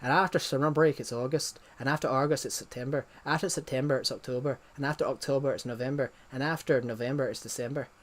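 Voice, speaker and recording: A young man putting on an Irish accent to read out a chat comment in a sing-song list, dropping low at the end of each line. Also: fairly even intonation, fast, hardly any pauses, natural voice. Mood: mock-serious. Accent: put-on Irish.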